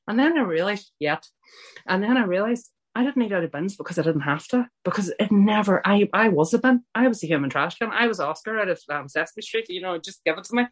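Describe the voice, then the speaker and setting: A woman's voice: on the low side, lively intonation, fast. A middle-aged woman from Ireland sharing her personal recovery story at a support meeting, candid and self-mocking, with chatty asides.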